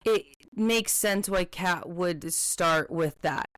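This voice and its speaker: A young woman with a lowish, smooth voice co-hosts a relaxed book-discussion podcast. She chats loosely with plenty of fillers and slips into the characters' lines as she talks. The sound is close and dry. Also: takes it slowly, dry recording. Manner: chatty, many "like" fillers, slips into quoting characters. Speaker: podcast co-host.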